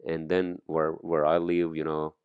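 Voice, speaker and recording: A man's voice: rumbling low, monotone, a little slow, smooth, no echo, narrow, tinny audio. A man hosting a podcast, talking in a rambling, profane, casual monologue full of fillers. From immigrant to the US. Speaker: podcast host.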